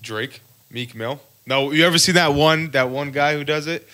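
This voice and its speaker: A young man co-hosting a podcast, relaxed and teasing, swearing a lot. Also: a little high, normal speed. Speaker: podcast co-host. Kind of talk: casual chat.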